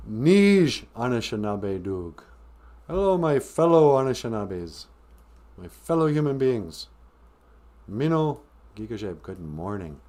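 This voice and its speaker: On an Ojibwe-language live stream, a man with a rather high, dark-toned voice hosts in a joking way, teasing and laughing. He drops into a grumpy old-man voice for his jokes, scolding like a mock elder, and breaks out into song and laughter.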